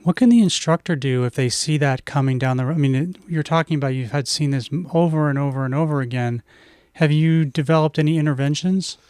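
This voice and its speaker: A somewhat high male voice, smooth and resonant, recorded close and dry. He co-hosts a casual podcast and asks curious, thoughtful questions. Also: fast, a little mellow, no room sound. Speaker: podcast co-host asking questions.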